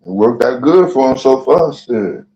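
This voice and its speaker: Older male guest, dark mellow timbre, blunt, muffled lo-fi sound. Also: medium pitch, expressive, unhurried. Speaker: guest on a livestream, the host's father. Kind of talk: casual chat.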